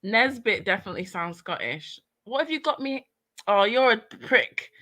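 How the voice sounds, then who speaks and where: Bright-voiced teasing woman. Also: on the high side, lively intonation, normal speed, no room sound. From Liberian. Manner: teasing, argumentative, laughing. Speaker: live stream panelist. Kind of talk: casual panel chat.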